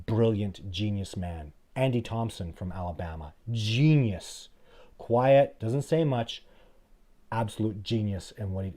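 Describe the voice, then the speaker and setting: A middle-aged man hosting a live show, talking casually and rambling, animated as he tells stories and quotes people. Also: fairly low pitch. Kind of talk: casual live-stream chat.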